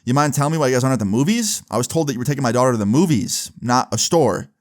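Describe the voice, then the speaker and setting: A man's voice: medium pitch, lively intonation, very fast, close to an everyday voice. A man doing an angry, controlling middle-aged mother, curt and scolding in a storytime retelling. She snaps out short demands with little patience.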